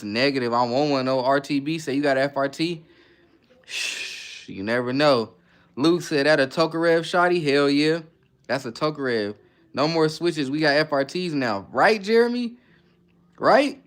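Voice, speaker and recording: A man hosting a casual livestream, reading viewer comments aloud and greeting people by name with quick, laid-back replies. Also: a little high. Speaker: livestream host.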